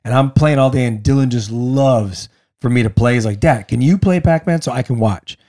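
A man's voice: mid-range voice, moderate pace, warm tone. A man co-hosting a casual family podcast, joking and mimicking his kids. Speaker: podcast co-host.

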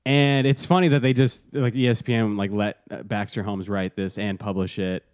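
A man's voice: on the low side, little pitch movement, normal speed, clean tone, no echo. Rambling man on a dry close mic. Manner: rambling, laughs often, loses words mid-sentence. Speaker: podcast co-host. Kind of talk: casual chat.

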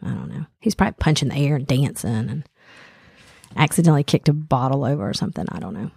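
Woman co-host, hesitant chat, low pitch, dry close recording. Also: animated, quick pace, vocal fry, a little mellow, breathy edge, no room sound. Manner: musing, hesitant, trails off. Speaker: podcast co-host. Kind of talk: casual chat.

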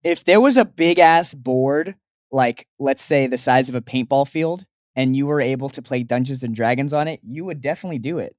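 A man's voice: medium pitch, fairly quick, a little mellow, no room sound. Teasing young man co-host, dry sound. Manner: teasing, rambling storytelling. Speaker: podcast co-host. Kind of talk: casual chat.

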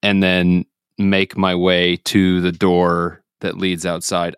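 A man's voice: deep voice, completely flat delivery, slow pace, clean tone, dry recording, studio quality. A man playing a tabletop game, asking the game master questions casually. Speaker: player.

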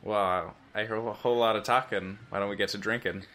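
Bright-voiced man playing a tabletop character. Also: lowish voice, steady tone, a little fast. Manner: eager, playful. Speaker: player. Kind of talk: in-character tabletop role-play.

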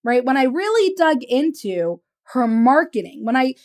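A woman business coach and podcast host telling a story in a casual monologue, animated and chatty, often laughing and tagging her lines with "right?". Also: sits high, moderate pace. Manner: laughs often while talking.

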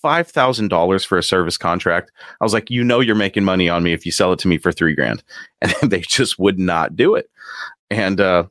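Male host, very deep voice, dry close sound, animated storyteller who laughs a lot. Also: fairly quick, no room sound. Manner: animated, acts out quotes with laughs. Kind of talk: casual storytelling.

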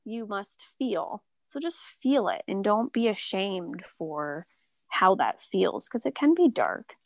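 Soft-spoken woman, dry close sound. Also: medium pitch, very animated, slow, vocal fry, dry recording. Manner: soft-spoken, lots of filler words. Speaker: Reiki practitioner. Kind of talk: casual interview talk. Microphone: remote call.

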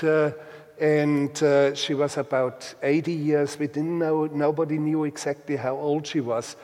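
Male storyteller, deliberate and halting delivery, very slow, recorded with a long reverberant tail. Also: fairly high pitch, darkish tone. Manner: halting, deliberate, with many restarts. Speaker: guest telling a story. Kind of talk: slow reflective storytelling with readings.

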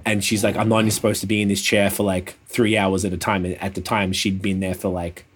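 A man in pain telling a rambling, sweary story in casual chat over a call, sounding a little flat. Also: low voice, quick pace, slightly rough. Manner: laid-back, swears often, rambling. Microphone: video call.

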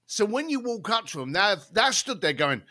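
A man's voice: sits high, normal speed. A man, a guest on an interview show, telling a salty anecdote with lots of asides. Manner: lively, salty anecdotes with frequent laughs and asides. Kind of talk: animated storytelling in a podcast interview.

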